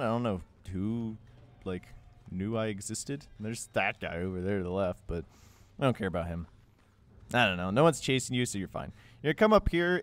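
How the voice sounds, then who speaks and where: A young man giving a casual, joking game walkthrough voice-over, rambling with sarcastic asides. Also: mid-range voice. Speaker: gameplay guide narrator.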